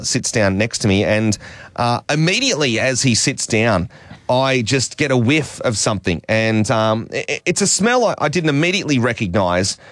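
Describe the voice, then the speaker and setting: A man's voice: medium pitch, fairly bright tone, dry recording. An Australian man in his thirties, telling a rambling, self-deprecating story on radio and laughing often.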